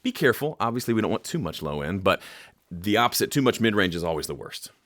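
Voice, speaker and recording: A man's voice: fairly low pitch, fast talker, no room sound. Jokey man teaching audio mixing. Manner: animated, jokey, makes vocal sound effects. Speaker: music production teacher. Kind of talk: casual instructional talk to camera.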